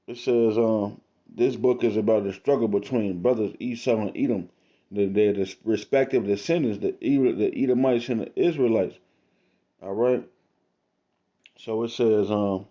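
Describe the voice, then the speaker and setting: A man reading scripture aloud in a casual, slangy manner, with drawn-out asides between the verses, recorded on a phone or webcam. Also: fairly low pitch, mellow, muffled recording. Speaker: self-styled preacher.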